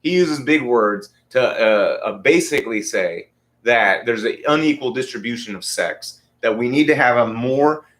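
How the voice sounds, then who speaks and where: A man's voice: mid-range voice, animated, moderate pace, fairly bright tone. A man in his forties hosting a podcast, ranting casually and heatedly with lots of swearing. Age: 40s. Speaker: podcast host. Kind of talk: casual rant.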